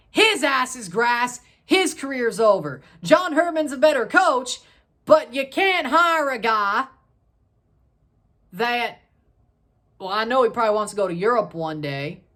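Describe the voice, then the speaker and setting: High-voiced woman ranting about soccer. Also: a bit bright. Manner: heated, exasperated, swears casually. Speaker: soccer match reviewer. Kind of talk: ranting solo match review.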